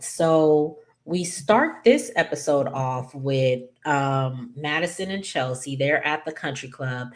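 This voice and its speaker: A woman hosting her own channel, casually recapping a TV episode with lots of fillers, rambling asides and quick apologies. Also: a bass voice. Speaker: YouTube TV recap host.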